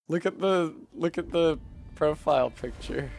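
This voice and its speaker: A man live-streaming a video game, chatting casually with his viewers and swearing freely between quick asides. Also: a little high, gravelly, a little mellow, no room sound.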